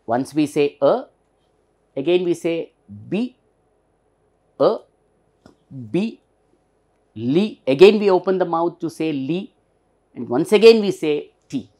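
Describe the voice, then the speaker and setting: A man's voice: fairly high pitch, lively intonation, unhurried, mellow. A man teaching a pronunciation lesson, patiently spelling out and repeating words. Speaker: English teacher.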